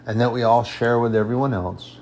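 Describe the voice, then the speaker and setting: A man preaching a sermon with emphasis, repeating his points for stress and reading scripture in a raised, slow voice. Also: mid-range voice, steady tone, darkish tone, slight background noise.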